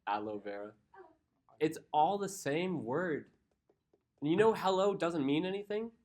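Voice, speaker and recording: On the high side and at a measured pace, a man teaches a chemistry class, sliding between formal lecturing and casual stories with his students. He's chatty and gets animated when something amuses him.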